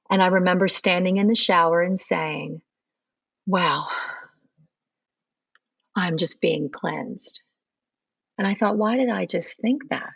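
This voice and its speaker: A woman's voice: on the low side, creaky, dry recording, dull audio. A middle-aged woman, a podcast guest, telling her conversion story in earnest and acting out remembered dialogue. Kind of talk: personal storytelling interview.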